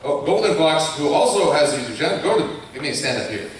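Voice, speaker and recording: A man's voice: fairly high pitch, sing-song, quick pace. Joking man in an echoey hall. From Colorado, USA. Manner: joking, chatty, self-mocking. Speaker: YouTuber speaking on a convention panel. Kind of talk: live convention panel talk. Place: large convention hall with an audience. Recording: echoey hall from far off, faint hiss.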